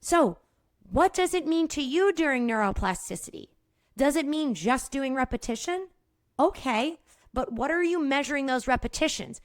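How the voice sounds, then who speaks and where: Lively, fast-talking woman podcast host. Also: high-pitched, dry recording, clean studio sound. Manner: energetic, swears casually, laughs at herself. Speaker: podcast host and movement therapist. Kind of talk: casual explanatory monologue.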